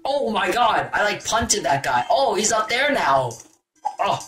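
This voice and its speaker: A young man giving excitable, jokey commentary while playing a video game. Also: sits high, measured pace, faint music behind. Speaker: gaming YouTuber. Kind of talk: gameplay commentary.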